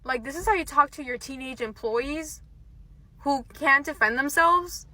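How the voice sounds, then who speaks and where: A young woman tells the story of a bad interview, frustrated and full of "like"s. Her voice is bright and fairly high, and the sound is close and dry. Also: unhurried, no room sound. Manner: frustrated, heavy use of "like". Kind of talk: casual storytime vent.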